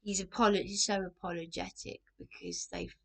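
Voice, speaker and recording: A middle-aged woman chats to camera in a loose, rambling way. Her voice has a gravelly fry, and she keeps breaking off and restarting in an anxious manner. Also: on the low side, little pitch movement, moderate pace, a bit bright. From England. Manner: anxious, rambling, self-interrupting. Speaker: vlogger. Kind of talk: casual storytelling to camera.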